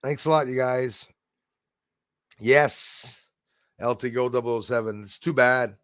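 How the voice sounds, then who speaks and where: A man's voice: mid-range voice, a little slow, long pauses, fairly bright tone, clean tone, no room sound, studio quality. A man hosting a casual livestream, rambling and opinionated as he reads out viewer comments and laughs at his own jokes. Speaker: livestream host.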